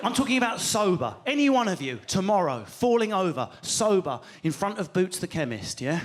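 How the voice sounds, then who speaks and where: A British man performing a stand-up comedy set, animated and swearing as he acts out characters. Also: high-pitched, a little fast, background noise. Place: live comedy venue with audience.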